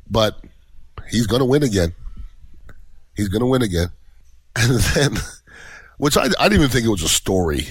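A man's voice: on the low side, slightly rough, no echo, low-quality recording. A male podcast host delivering a blunt, opinionated monologue full of rhetorical questions.

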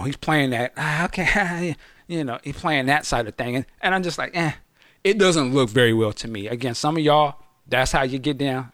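Animated storytelling man, dry close sound. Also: medium pitch, dry recording. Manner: animated storytelling, acts out quotes loudly; slangy, swears freely. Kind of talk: casual chat.

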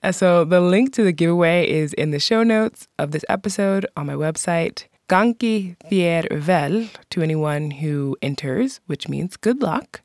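A podcast host giving scripted narration in an informative way, slowing down to pronounce local words. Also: mid-range voice, expressive, a little mellow, no room sound.

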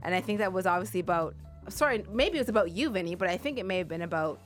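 A woman's voice: fairly low pitch, animated, racing, soft background music. A woman hosting a radio show, chatting casually with a giggly, rambling manner. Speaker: radio host.

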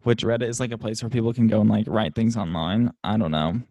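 A man's voice: on the low side, fast talker, dark tone, no echo, muffled recording. Playful young man co-hosting a podcast. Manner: playful, chatty. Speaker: podcast co-host. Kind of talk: casual podcast chat.

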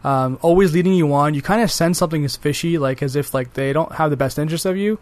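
A man with a fairly high voice talks excitedly on a gaming podcast. He trips over repeated words and fillers, casual and keen. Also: quick pace. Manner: enthusiastic, repeats words while thinking. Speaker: podcast co-host. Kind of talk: casual game discussion.

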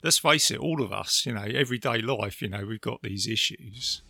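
A man chatting casually as a podcast co-host about a film, lively and talkative, often acting out lines. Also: lowish voice, moderate pace, creaky, slightly rough, no room sound. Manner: chatty, animated, quotes film lines in put-on voices.

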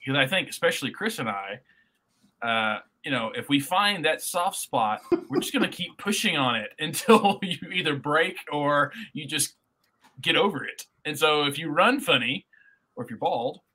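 A man's voice: fairly high pitch, animated, normal speed, pushed and bright, breathy edge. A man co-hosting a podcast, teasing and telling anecdotes in casual banter. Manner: teasing, laughing, tells anecdotes. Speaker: podcast co-host.

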